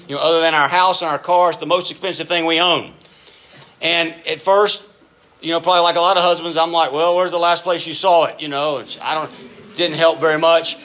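A middle-aged man preaching a sermon in a lively, conversational way, with frequent asides to his listeners. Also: fairly high pitch. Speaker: pastor.

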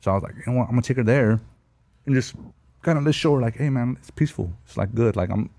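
A man in his thirties tells stories in a loose, slangy way, swearing constantly and breaking into laughs. His voice sits at an ordinary middle pitch. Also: fast talker, dark tone. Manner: slangy, profane, storytelling with laughs. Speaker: guest telling war stories. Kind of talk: casual podcast chat.

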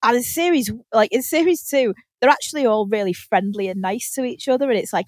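A woman chatting on a podcast, her voice sitting a bit higher than most and sounding close and dry, with no room around it. She tells stories in an animated way, laughs often and swears freely. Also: brisk, dry recording. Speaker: podcast host. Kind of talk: casual chat.

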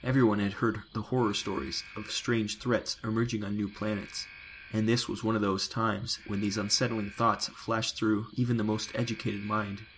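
A man reading a science fiction audiobook in a measured, descriptive way. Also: fairly low pitch, little pitch movement, fairly bright tone, a little hiss or hum, rough recording. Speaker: narrator. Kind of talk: scripted sci-fi audiobook narration. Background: music.

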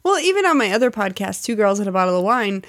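A woman's voice: mid-range voice, quick pace, no echo, studio quality. A woman co-hosting a casual home podcast, a bit stuffy from a cold, laughing often. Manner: laughs often, relaxed and candid. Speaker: podcast co-host. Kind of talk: casual chat.

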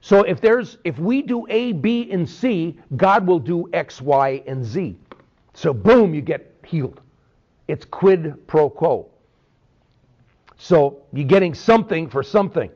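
A man teaching a Bible sermon in an animated way, often checking in with "okay?". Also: a little high, slow. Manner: animated, peppers talk with "okay?". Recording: dull lo-fi recording.

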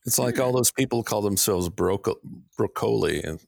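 A man's voice: on the low side, normal speed, creaky, a little mellow, dry recording, studio quality. A man hosting a casual podcast, talking through a film with fillers and restarts. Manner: hesitant, many fillers and restarts. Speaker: podcast host. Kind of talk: casual film commentary chat.

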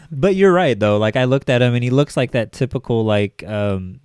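A man's voice: medium pitch, animated, normal speed, a little mellow, clean tone, dry recording, clean studio sound. A man in his thirties co-hosting a casual chat, rambling with lots of filler words. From Los Angeles area. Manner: rambling, heavy on fillers like "like" and "you know". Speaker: podcast co-host.

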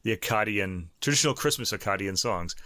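Bright, dry-voiced man chatting casually. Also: fairly low pitch, animated, fairly quick, no echo. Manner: hesitant, stumbles over French titles; laughs often, lots of restarts. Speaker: podcast co-host. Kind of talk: casual chat.

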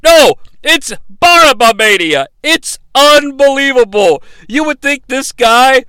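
A man hosting a comedic movie recap, talking in a profane, animated and sarcastic way. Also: extremely high pitch, slow pace, smooth, no echo. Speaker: host.

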